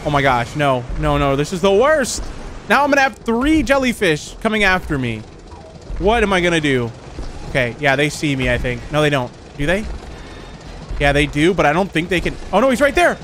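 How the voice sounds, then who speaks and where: Excitable high-voiced young man gaming. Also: a little hiss or hum. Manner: excitable, jumpy, laughs often, quick exclamations. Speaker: gaming commentator. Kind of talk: horror game let's play commentary.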